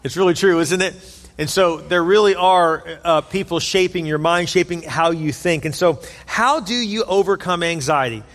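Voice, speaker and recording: Guy preaching a sermon, earnest and chatty, kinda high voice, long echo around him. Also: moderate pace, fairly bright tone. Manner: earnest, conversational preaching with repeated phrases. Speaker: pastor.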